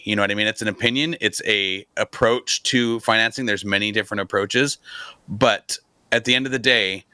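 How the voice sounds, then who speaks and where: Bright-voiced frank man, dry sound. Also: fairly low pitch, no echo. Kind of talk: casual chat.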